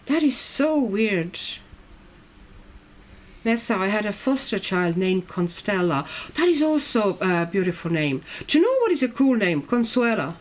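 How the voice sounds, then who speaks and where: A very animated but unhurried woman with a medium-pitched voice colors on a livestream at her home in Brazil. She keeps up relaxed chatter and reads aloud what her viewers comment.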